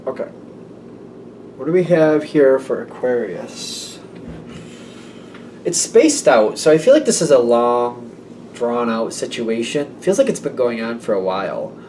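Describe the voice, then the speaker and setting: A man's voice: mid-range voice, big pitch swings, a little slow, long pauses, darkish tone, a little hiss or hum, rough recording. A man giving a casual tarot reading, rambling and correcting himself, often speaking the listener's imagined thoughts aloud. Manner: rambling, self-correcting, voices clients' thoughts. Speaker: tarot reader.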